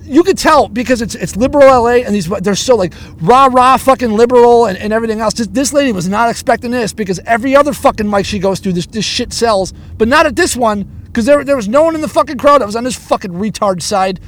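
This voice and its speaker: Very high-voiced and fast, with few pauses, a comedian delivers his story as a stammering, profanity-laden tirade that keeps circling back on itself.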